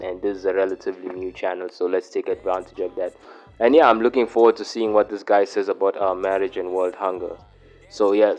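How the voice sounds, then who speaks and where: A man's voice: deep voice, lo-fi sound. A man from Africa hosting a reaction channel, chatting casually and directly to his viewers. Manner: relaxed, talks straight to viewers. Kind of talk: casual chat to camera.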